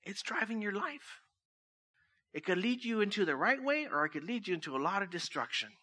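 This pastor's chatty sermon mixes jokes, frequent laughter and stories in between the scripture readings. He's a man with a high-sitting voice that swings widely in pitch, and his bright, forceful delivery moves fairly quickly.

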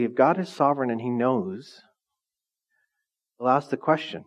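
A middle-aged male pastor preaching a lively, conversational sermon, often asking the congregation questions. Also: medium pitch. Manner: asks the congregation frequent questions. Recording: dull lo-fi sound.

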